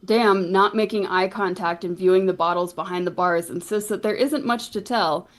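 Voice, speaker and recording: A woman's voice: lowish voice, fairly even intonation, normal speed. A woman casually narrating a recap of a tabletop game session, wry and often swearing.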